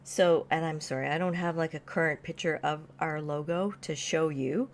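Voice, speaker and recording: A woman's voice: low voice, moderate pace. A woman co-hosting a livestream, chatting casually and rambling with many restarts. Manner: rambling, restarting thoughts, filler-heavy. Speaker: channel co-host on a livestream. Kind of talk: casual chat.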